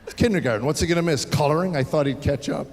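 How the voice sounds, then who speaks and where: A man's voice: fairly high pitch, quick pace. A man in his sixties doing a stand-up comedy set, telling wry stories and acting out voices. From United States. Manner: wry storytelling with acted-out voices. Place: theater stage before a live audience. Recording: live hall with audience laughter.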